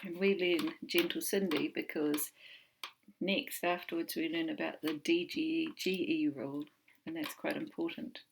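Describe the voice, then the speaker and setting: A woman with a New Zealand accent teaching an online phonics lesson from home, slowly sounding out letters and words. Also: low-pitched, steady tone, creaky, background noise. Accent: New Zealand English.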